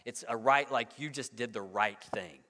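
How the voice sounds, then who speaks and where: Male pastor, 30s, chatty sermon delivery with stumbles and "right?" asides, bright tone, echoing hall. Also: mid-range voice, normal speed. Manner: conversational, repeats words, frequent "right?". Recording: long hall reverb.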